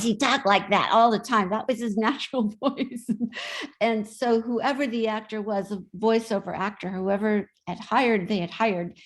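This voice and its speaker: A woman guest in an interview, chatting and telling stories in an easy way. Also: mid-range voice. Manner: chatty anecdotal storyteller. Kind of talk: casual interview storytelling.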